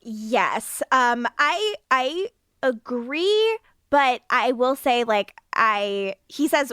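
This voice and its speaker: Woman podcaster recapping an episode, laughy, animated, kinda high voice, dry close mic. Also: slow, no echo. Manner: animated recapping with acted quotes and frequent laughs. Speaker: podcast co-host. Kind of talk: casual rewatch podcast chat.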